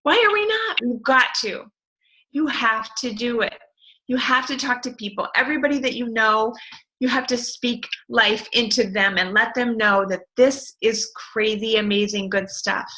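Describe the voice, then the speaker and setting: A middle-aged woman speaking as an interview guest, telling her business story with passionate, animated enthusiasm. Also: a little high, normal speed, rough recording. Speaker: network marketing distributor, guest. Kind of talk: enthusiastic motivational interview talk.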